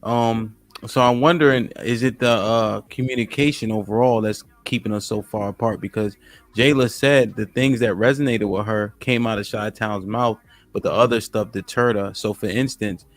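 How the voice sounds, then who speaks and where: A man hosting a podcast panel, asking calm probing questions. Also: fairly low pitch, normal speed. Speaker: podcast host. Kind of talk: moderating a panel.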